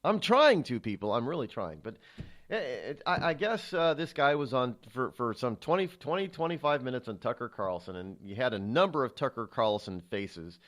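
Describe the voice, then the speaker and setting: A male talk show host giving political commentary, halting often with restarts and sighs. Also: mid-range voice, animated, fairly bright tone.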